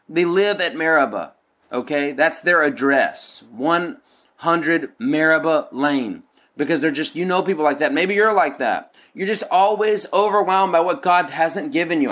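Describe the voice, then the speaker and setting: A middle-aged male pastor walks listeners through scripture in a relaxed, off-the-cuff podcast style. He keeps restarting his sentences and tossing in playful asides, and his voice sits at an ordinary middle pitch for a man. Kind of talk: devotional podcast teaching.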